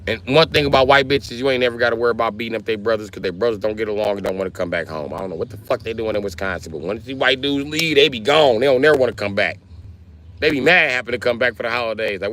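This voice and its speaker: A man hosting a livestream, chatting casually and telling stories in a profane, animated way. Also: mid-range voice, quick pace. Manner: profane, animated storytelling with voiced asides. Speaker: livestream host.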